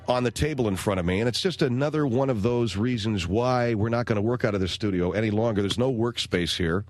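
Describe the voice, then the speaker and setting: A man hosting a radio talk show, delivering a rambling, exasperated comedic monologue on a studio mic. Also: medium pitch.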